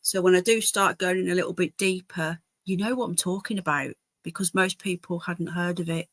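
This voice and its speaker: A woman's voice: lowish voice, steady tone, moderate pace, no echo. A woman hosting a casual live stream from home, chatting to viewers and her dogs. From England. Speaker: livestream host. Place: home, indoors.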